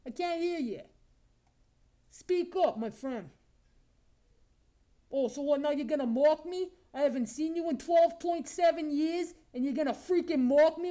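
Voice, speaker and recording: A man's voice: very high-pitched, mellow. A man voicing a crude, lonely, self-admiring male creature with razor teeth, taunting strangers in an improvised comedy video chat. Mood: offended.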